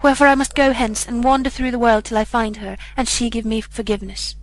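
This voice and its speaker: A woman's voice: on the high side, level tone, fast talker, natural voice, low-quality recording. A woman reading the part of a proud, scornful young boy in a storybook, with a haughty, cold delivery. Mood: remorseful.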